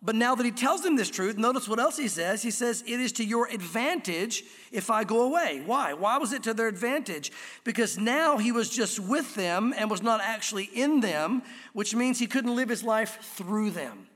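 A high-voiced man preaches as a pastor, slowing down to lean on key words of scripture. His voice carries a long reverb, as in a church sanctuary. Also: animated, a bit bright. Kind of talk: sermon.

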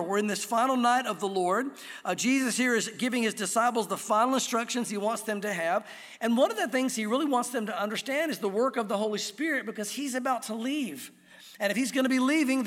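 A man preaching a sermon as pastor, slowing down to stress key words from scripture. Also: high voice, fairly bright tone. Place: church sanctuary. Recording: long hall reverb.

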